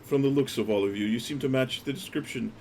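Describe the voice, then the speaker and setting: A man playing a courteous soft-spoken priest. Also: mid-range voice, fast, slight background noise, voice pushed up, natural voice. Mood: polite. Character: calm, courteous male priest.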